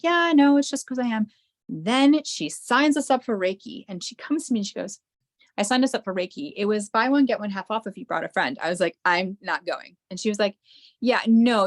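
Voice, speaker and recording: A middle-aged woman from the United States, a podcast guest telling animated stories full of fillers and acted-out quotes. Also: fairly low pitch, creaky, dry recording, studio quality. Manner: animated, acts out quoted voices, many fillers. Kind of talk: storytelling in an interview.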